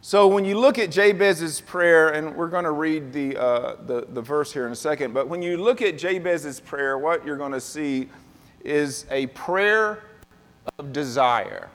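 A man preaching a sermon, calling on the congregation to answer back, his voice rising and growing louder as he builds a point. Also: on the high side, unhurried. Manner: call-and-response preaching, asks the congregation to repeat words. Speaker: pastor. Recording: long reverb of a large hall.

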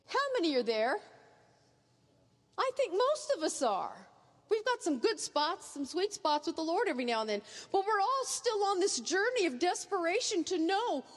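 Echoey high-voiced woman preaching. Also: big pitch swings, normal speed. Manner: earnest, vivid second-person imagery. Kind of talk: sermon. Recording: echoey hall reverb.

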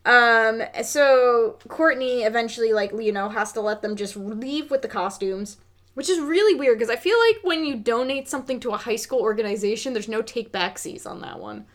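Woman, podcast co-host, casual movie chat, sweary, rambling, higher voice. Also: moderate pace, a bit bright.

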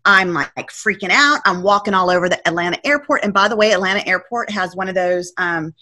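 A woman's voice: mid-range voice, a little fast. A woman in her forties, a podcast guest, telling her story casually and acting out her own panicked quotes. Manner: animated, acts out her past self's panicked quotes.

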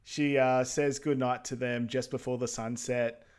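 A man's voice: mid-range voice, little pitch movement, measured pace, clear, resonant tone. A man co-hosting a podcast, recapping a film in casual chat, hesitant with frequent ums and uhs. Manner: hesitant, starts lines with um and uh. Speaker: podcast co-host.

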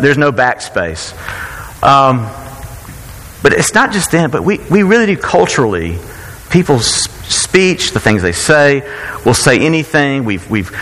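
A man's voice: mid-range voice, fairly bright tone, long reverb tail, low-quality recording. A man giving a sermon as pastor, conversational and joking, often restarting his phrases. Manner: conversational, self-correcting, playful asides.

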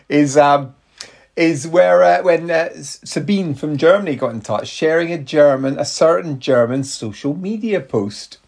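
A man's voice: on the high side, vocal fry, darkish tone, low-quality recording. A man in his forties hosting a podcast in casual, self-mocking chat with lots of restarts. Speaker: podcast host.

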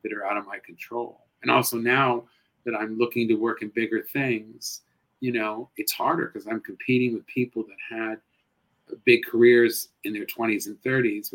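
A middle-aged man talking as an interview guest in a bright, forward voice. He is expressive and animated, jumping from loud bursts to hushed asides. His tone is casual and open. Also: on the low side, low-quality recording. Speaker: guest, actor and comedian.

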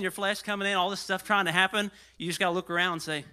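A pastor preaching a sermon in an animated way, swinging between loud passages and hushed asides, and getting out of breath. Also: male voice, sits high, quick pace, few pauses, clean tone.

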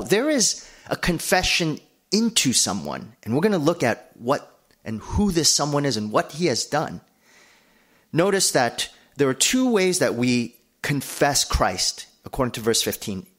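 A man's voice: medium pitch, very animated, unhurried, a bit bright. A man, a pastor, preaching an earnest sermon and building emphasis through repeated lists.

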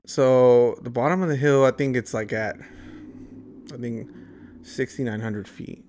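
A man's voice: medium pitch, unhurried, darkish tone, slight background noise. A young adult man telling a long story in casual chat, rambling and swearing freely, saying "like" and "dude" often. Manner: profane, rambling, heavy use of "like" and "dude".

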